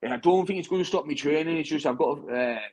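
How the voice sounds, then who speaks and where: A young British bare-knuckle fighter chats after a fight, restarting his sentences constantly and dropping "mate" into every one. His voice is a little high and darkish in tone, and he talks fast. The audio is poor.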